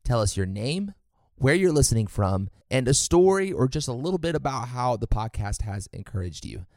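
Male podcast host, friendly inviting announcement, lively pitch, dry mic. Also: normal speed, no room sound.

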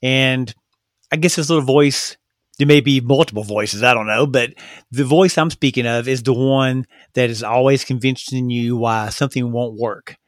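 A man talks straight into a close podcast mic in a dry, deadened space, his voice sitting at a middling pitch. He speaks earnestly and gets carried away with excitement, tripping over words and restarting sentences as he goes. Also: moderate pace, no echo. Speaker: podcast host. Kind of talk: solo motivational podcast talk.

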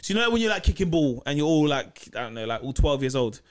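A young man with a London accent telling animated stories in a casual podcast chat, acting out the people he quotes. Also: on the high side, fast. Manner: animated, acts out quotes in voices. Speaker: podcast guest. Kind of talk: casual storytelling.

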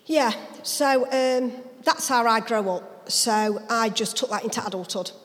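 A woman tells her own life story as an interview guest, acting out the people in it. She is a pastor, and her voice sits a little high. She is recorded in a church, with a long reverb around her. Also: measured pace. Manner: lively dialect storyteller, acts out voices. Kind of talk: personal testimony storytelling.

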